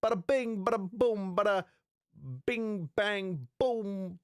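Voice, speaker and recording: A man's voice: high-pitched, slow pace, clear, resonant tone, no room sound, clean studio sound. A man putting on a brash Brooklyn wise guy. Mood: goofy bragging. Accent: Brooklyn put-on. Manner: jokey, repeats catchphrases.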